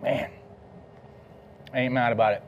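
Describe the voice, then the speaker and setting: A man's voice: medium pitch, steady tone, unhurried, highs cut off, slight background noise. A middle-aged man from Texas, a barbecue pitmaster chatting casually between bites while hosting a live cooking demo. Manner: laid-back and enthusiastic, talking between bites.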